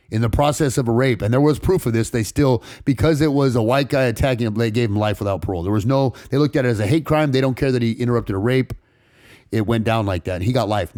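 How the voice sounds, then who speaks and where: A man from California's San Fernando Valley, a podcast guest telling a personal story in rapid, profane street talk full of restarts. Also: mid-range voice, a little mellow, no room sound, studio quality. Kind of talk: casual storytelling interview.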